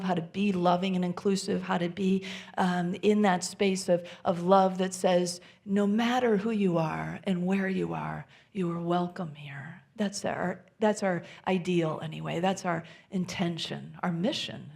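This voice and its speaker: A woman minister giving a sermon in a church, speaking gently and intimately, often sinking to soft near-whispers. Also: fairly low pitch, measured pace, gravelly. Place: church sanctuary.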